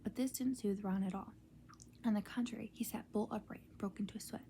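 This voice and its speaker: A woman reading a storybook aloud in a soft, unvoiced ASMR whisper. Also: medium pitch, fairly even intonation, fairly quick, a little hiss or hum.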